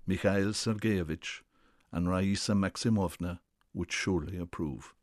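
Man, very deep voice, measured first-person radio essay, dry close studio sound. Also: darkish tone, dry recording. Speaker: essayist reading a radio piece.

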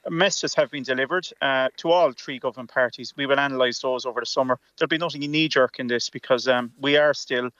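Irish man, politician, radio interview, rapid, earnest, repeats words, dry, muffled lo-fi line. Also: mid-range voice, a bit bright, no room sound. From Ireland. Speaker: politician guest. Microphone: remote call.

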